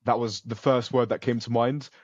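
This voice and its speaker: Young UK student guest, confident and earnest, muffled lo-fi call audio. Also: male voice, mid-range voice, little pitch movement, normal speed, dry recording. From United Kingdom. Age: young adult. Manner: earnest, self-assured, frequent restarts. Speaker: interview guest, computer science student. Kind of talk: casual interview over a call.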